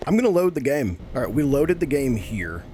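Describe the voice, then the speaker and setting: A man giving excitable, sarcastic let's-play commentary on a horror game as a gaming YouTuber. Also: mid-range voice, brisk, noisy background.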